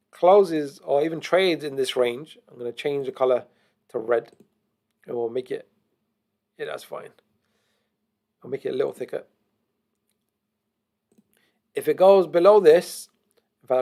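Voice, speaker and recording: A man teaching trading chart analysis, explaining slowly and methodically to viewers. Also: medium pitch, creaky, darkish tone. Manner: deliberately slow, methodical explaining. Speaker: trading educator. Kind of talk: screen-share chart analysis.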